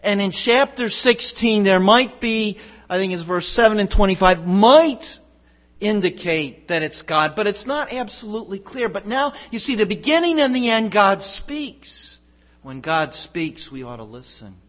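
A man preaching a sermon as pastor, emphatic and rhetorical, swinging between loud declarations and hushed passages. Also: high-pitched, very animated, unhurried, highs cut off.

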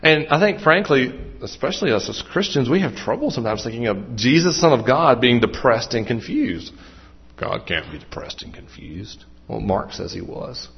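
A man's voice: mid-range voice, lively intonation, moderate pace, few pauses, husky. A man preaching a sermon as pastor, conversational and self-deprecating, with asides and restarts. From Western Maryland. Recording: muffled, dull sound.

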